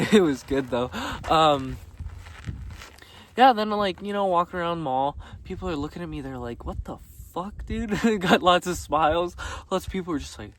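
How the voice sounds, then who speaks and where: A young man telling stories casually, laughing often and swearing freely while walking outdoors on a gravel road. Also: on the high side, expressive, normal speed, fairly bright tone. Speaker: vlogger. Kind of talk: casual storytelling. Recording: distant mic with faint background noise.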